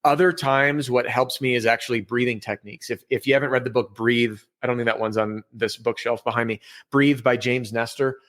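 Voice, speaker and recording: Brief: candid, energetic man, mid-pitch, a sales trainer guesting on a podcast over a video call. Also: fairly quick. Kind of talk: casual podcast interview. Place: home office with bookshelf.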